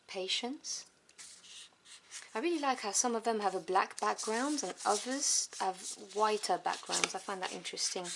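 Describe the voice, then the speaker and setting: A woman whose first language is French, reviewing tarot cards one by one. She lists each card softly and without hurry, adding fond little asides. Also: a little high, slight background noise. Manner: soft, unhurried listing with fond asides.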